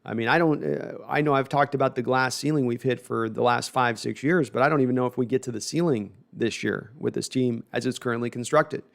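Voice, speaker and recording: A man's voice: mid-range voice, brisk, creaky, few pauses. A man hosting a casual live sports talk stream, reading viewer comments and rambling with self-deprecating asides and frequent restarts.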